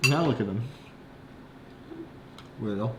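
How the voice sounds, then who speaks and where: A man's voice: on the low side, animated, slow pace, noisy background. A man chatting casually at home as co-host with his partner, tossing in offhand, jokey asides. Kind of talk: casual chat. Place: home, near the kitchen. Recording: echoey room.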